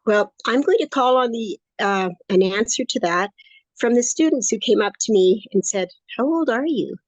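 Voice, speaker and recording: A woman's voice: medium pitch, normal speed, no echo, rough recording. A woman in her late sixties, talking in a chatty, upbeat, rambling way as a guest in an interview. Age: 60s. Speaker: course student interviewee. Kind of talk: casual interview conversation.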